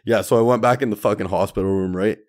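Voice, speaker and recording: A man's voice: fairly low pitch, steady tone, quick pace, darkish tone. A young man hosting a solo podcast, telling stories in a slangy, profane way and calling listeners dude and man. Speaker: podcast host. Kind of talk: casual solo podcast monologue.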